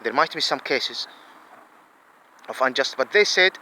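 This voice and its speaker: A man's voice: mid-range voice, lively intonation, measured pace, pushed and bright, slight background noise, poor audio. A man, giving an angry, profane monologue full of repeated, emphatic questions. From Saudi Arabia.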